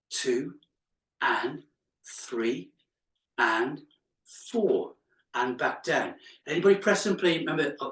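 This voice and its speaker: Leading a live workout, this male instructor calls out the reps, chats between counts, and cracks up at his own jokes. He speaks in a mid-range, fairly bright voice, captured by a distant mic in a room full of echo.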